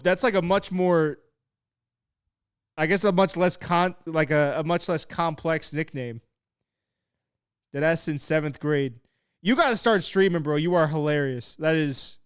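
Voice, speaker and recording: A young man casually commentating a live fight stream, excitable and swearing while he reads the chat. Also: fairly high pitch, unhurried, clean tone, no room sound, studio quality. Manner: excitable and laid-back, swearing, laughing at chat. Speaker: fight watch-along streamer.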